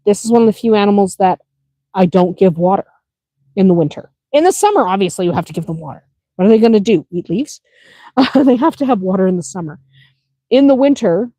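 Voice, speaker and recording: A woman's voice: on the low side, warm tone, no room sound. A woman who runs a small farm, answering viewer questions in a chatty, practical way, laughing easily and driving points home with "okay?". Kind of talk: casual Q&A explanation.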